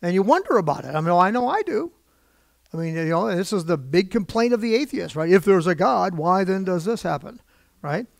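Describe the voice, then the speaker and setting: A man's voice: sits high, very animated, brisk, vocal fry, no room sound, clean studio sound. A man preaching a sermon from a church pulpit, talking conversationally with his congregation, asking them questions and getting emotionally worked up. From United States. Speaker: pastor.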